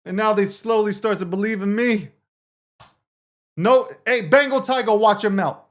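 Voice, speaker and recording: Man, high voice, live show host, casual profane chat, reads viewer comments aloud. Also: moderate pace, a bit bright. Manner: profane, swings between mock hurt and hype.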